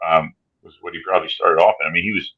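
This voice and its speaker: A low-pitched man with a bright, husky voice muses through a casual chat. He hedges his points with "I mean." The recording sounds dull and lo-fi. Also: fairly even intonation, very fast. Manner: musing, hedging with "I mean". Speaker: podcast co-host.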